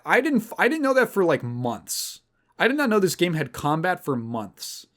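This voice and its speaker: Guy podcast host rambling along, voice a bit high, bounces all over the place. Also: moderate pace. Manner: animated, rambling storytelling. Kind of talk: casual chat.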